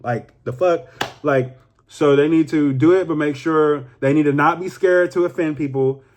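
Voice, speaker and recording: A man's voice: a little high, moderate pace, slight background noise. Profane, rambling young man vlogging. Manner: animated, rambling, profane, heavy filler. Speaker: YouTuber. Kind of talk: casual vlog monologue.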